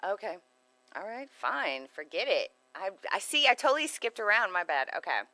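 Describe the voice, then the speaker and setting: Animated, bright-voiced female radio co-host, giggly and rambling. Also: medium pitch, moderate pace, no echo, poor audio. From Texas. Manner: giggly, rambling, easily sidetracked. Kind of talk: casual radio chat.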